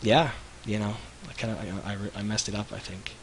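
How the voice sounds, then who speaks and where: A man in his thirties, co-hosting a livestream, telling rambling animated stories with lots of restarts. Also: lowish voice, a little fast, a little hiss or hum, low-quality recording. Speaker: web show co-host. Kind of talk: casual livestream chat.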